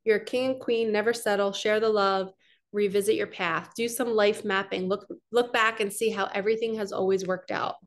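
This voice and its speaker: A woman's voice: medium pitch, fairly even intonation, moderate pace. A woman giving a casual oracle card reading, talking earnestly and rambling a little as she speaks straight to her viewers. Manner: earnest, chatty and rambling, addressing viewers directly. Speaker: spiritual coach doing card readings.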